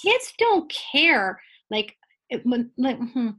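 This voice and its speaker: A woman in her forties, a guest in a conversational interview, explaining ideas in a playful, animated way and laughing often. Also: high-pitched, takes it slowly.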